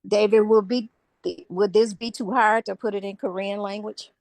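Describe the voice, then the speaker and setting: A woman's voice: medium pitch, steady tone, moderate pace, a little mellow, no room sound. A woman on a video call, asking questions in an insistent, pleading way. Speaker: call participant.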